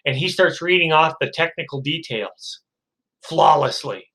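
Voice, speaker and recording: A man's voice: a little high, unhurried, pushed and bright, rough recording. A male lecturer telling a story to his class, acting out the characters in quotes, with frequent fillers and restarts. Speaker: psychology lecturer.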